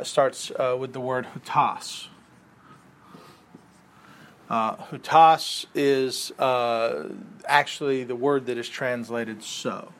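A man with a mid-range, slightly bright voice teaches a Bible class as a casual lecture, talking conversationally and quizzing the class with questions.

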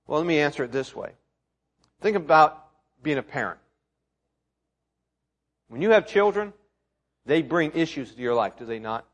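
A man's voice: high voice, fairly bright tone. A middle-aged male pastor preaching a conversational sermon with rhetorical questions to a church congregation. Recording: long hall reverb.

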